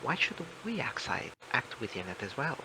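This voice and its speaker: A man playing in a tabletop game, explaining things in a measured way with fillers. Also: medium pitch, sing-song, background noise. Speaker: player.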